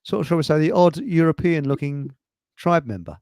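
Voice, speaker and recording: A man's voice: on the high side, lively intonation, brisk, darkish tone, dry recording. A man hosting a casual livestream, reading out viewer comments and laughing at his own crude jokes. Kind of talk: casual chat.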